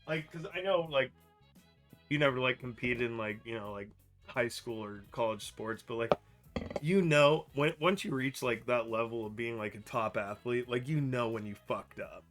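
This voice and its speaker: A man's voice: mid-range voice, normal speed, faint music behind. Profane storytelling young man. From Idaho, United States. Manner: animated, profane, laughing through stories. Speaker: podcast co-host. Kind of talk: casual storytelling chat.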